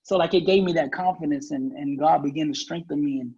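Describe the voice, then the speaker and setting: A man with a husky, breathy voice sitting slightly high for a man tells his own story on a podcast, earnest and emphatic. The sound is a little muffled and lo-fi. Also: brisk, dark tone. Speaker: guest speaker. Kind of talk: personal story in a podcast interview.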